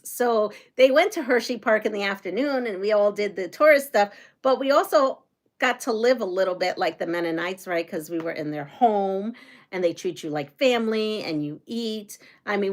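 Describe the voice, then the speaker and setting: A middle-aged woman hosts a casual quilting livestream, chatting and rambling with her viewers. Her mid-range voice has lively intonation, and she speaks at a moderate pace.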